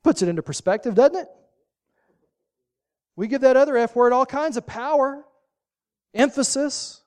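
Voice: sits high, lively intonation, moderate pace, a little mellow. A pastor preaching a sermon, folksy and emphatic, driving points home with short repeated commands.

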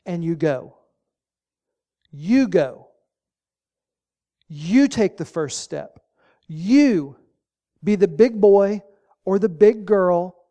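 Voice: medium pitch, expressive, drawn-out words, long pauses, warm tone. A pastor preaching a sermon, folksy and emphatic, driving points home with short repeated commands.

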